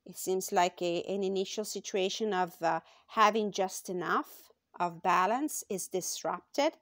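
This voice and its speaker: A woman gives a casual tarot card reading on her own channel, slow and thoughtful with frequent pauses and fillers. Her mid-range voice is fairly bright, recorded with studio quality and no room sound.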